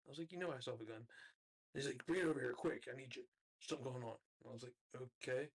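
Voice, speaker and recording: A man's voice: medium pitch, very fast, vocal fry, breathy edge. Laughing man swapping a story. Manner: laughs often, relaxed joking tone. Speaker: participant in a live stream chat. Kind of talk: casual storytelling.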